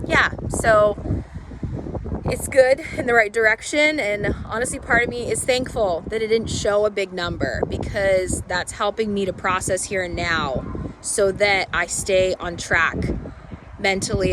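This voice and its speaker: A woman speaking hoarsely from a cold, talking candidly and haltingly in an unedited personal vlog. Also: medium pitch, noisy background. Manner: rambling, halting, candid and reflective. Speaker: vlogger.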